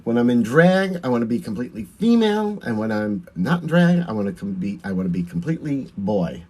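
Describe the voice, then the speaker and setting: A man's voice: mid-range voice, a little mellow. A man with a Long Island accent, a drag performer chatting through a livestream while doing his makeup, answering viewer comments and laughing often.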